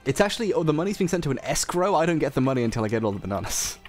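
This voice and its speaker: A man's voice: a little high, sing-song, rapid-fire, faint music behind. A man with a slight Yorkshire accent streaming a game, tired and joking, laughing often. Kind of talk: casual stream chat.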